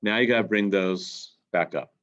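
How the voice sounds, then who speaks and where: Congested male math teacher, very low voice, walks through each step deliberately; muffled lo-fi classroom recording. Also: lively intonation, a bit bright. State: congested, clearing throat. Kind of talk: recorded calculus lesson.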